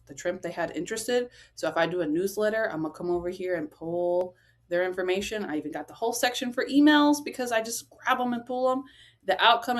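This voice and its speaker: A young adult woman giving a casual tutorial on running a travel business, talking directly to viewers and often asking "right?" and "okay?". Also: mid-range voice. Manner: chatty, direct, rhetorical asides like "right?" and "okay?". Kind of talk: casual screen-share tutorial.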